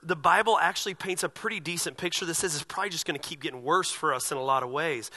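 A male pastor preaching a sermon, moving from quiet, slow passages to loud, emphatic ones. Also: a little high.

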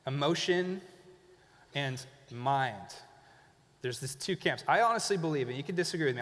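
Man preaching in a reverberant hall. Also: a little high. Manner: conversational, animated, acts out people he describes. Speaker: pastor. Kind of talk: sermon. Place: church.

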